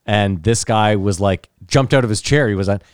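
A man's voice: fairly low pitch, moderate pace, smooth, dry recording, clean studio sound. A Canadian man co-hosting a podcast, telling anecdotes in casual banter and acting out the people in them. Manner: animated, does voices in anecdotes. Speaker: podcast co-host.

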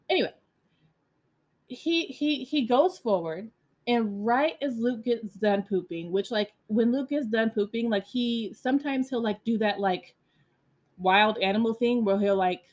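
A woman podcast host telling a story in a casual monologue, animated and blunt, with many fillers and some profanity. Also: on the high side, a little slow.

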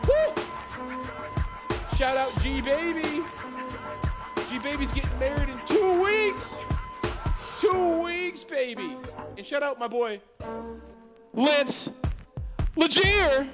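Brash high-voiced woman over loud hip hop. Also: animated, slow pace, long pauses. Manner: brash, swears, hypes people up. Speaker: podcast host. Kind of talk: hyped casual shout-outs. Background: loud hip hop music.

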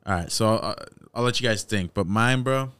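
Young male host, lowish clear voice, dry close sound, profane slangy banter. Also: a little fast, fairly bright tone, no room sound. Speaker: podcast host. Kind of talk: casual chat.

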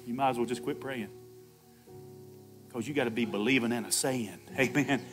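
A man's voice: medium pitch, fairly even intonation, fairly quick, pauses often, fairly bright tone, soft background music. A man preaching an Easter sermon, laughing often, calling out "Amen" and acting out the Bible dialogue himself. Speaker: pastor.

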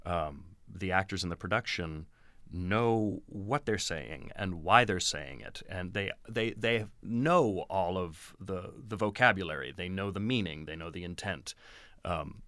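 A man with a deep, bright, forceful voice answers interview questions about directing and teaching actors. His delivery is animated and explanatory. The recording is dry and close. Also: unhurried, dry recording. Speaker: theatre director and acting teacher.

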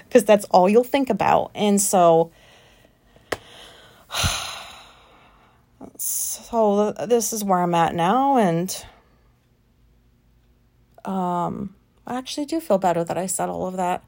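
A woman's voice: mid-range voice, lively intonation, slow pace, pauses often, dark tone. A woman in her late thirties, an anxious and frustrated podcast host, venting in a rambling monologue that is full of swearing and fillers. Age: late 30s. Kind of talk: casual solo podcast monologue.

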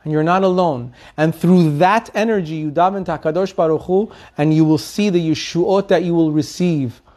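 Man, high voice, Torah lesson, earnest, animated storytelling, rhetorical questions. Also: moderate pace. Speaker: Torah teacher.

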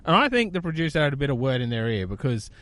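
A man's voice: mid-range voice, very fast, dry recording. A man with an Australian accent co-hosting a podcast, joking and chatting loosely with plenty of fillers. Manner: animated, joking, full of fillers. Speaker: podcast co-host. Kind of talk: casual banter.

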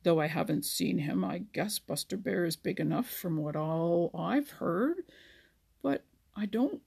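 A gentle, wise old frog who gives advice in a mild, unhurried way, as a woman reading a storybook puts him on. The voice is breathy and gravelly with a slow pace. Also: on the low side, expressive, exaggerated voice.

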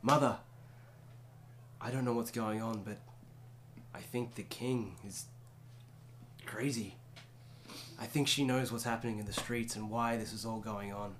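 A man's voice: fairly low pitch, fairly even intonation, unhurried, long pauses, a little hiss or hum, close to an everyday voice. A man playing an earnest, impulsive young male student in a tabletop game, speaking urgently.

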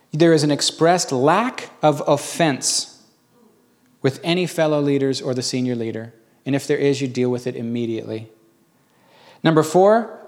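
A man preaching a sermon, telling stories in a folksy, conversational way. His voice sits a little high for a man, and he moves easily between anecdote and instruction. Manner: folksy storytelling, lively and conversational. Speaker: pastor.

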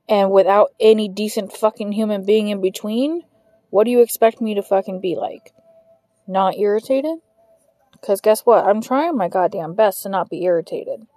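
Woman, frustrated rant, swears constantly, mellow dark voice, dry close sound. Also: mid-range voice, no echo. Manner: frustrated, heavy swearing, ranting. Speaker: podcast host. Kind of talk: venting monologue.

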